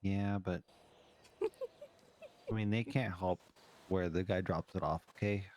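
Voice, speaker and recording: Low-voiced man, teasing roleplay banter. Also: expressive, measured pace, darkish tone, a little hiss or hum. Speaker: roleplay player. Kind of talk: casual in-character roleplay chat.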